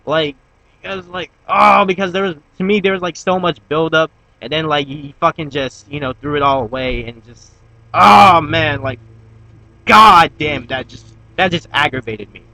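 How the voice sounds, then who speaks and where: A man's voice: a little high, normal speed, gravelly, sharp tone, low-quality recording. A young man giving a casual, rambling review of a TV episode. He fills his talk with fillers and restarts and swears when he gets worked up. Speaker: YouTube TV reviewer.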